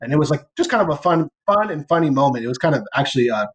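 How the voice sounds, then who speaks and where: In a fairly high, expressive voice and rapid-fire delivery, a young man co-hosting a podcast spins a rambling story in casual conversation. Filler words like "like" and "or whatever" pile up, and he swears in a laid-back, playful way.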